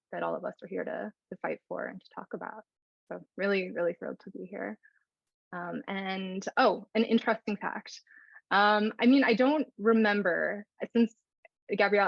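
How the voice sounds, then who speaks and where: A woman organizer speaking earnestly and thoughtfully on a panel call, often trailing off quietly. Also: on the low side, creaky, no echo, highs cut off.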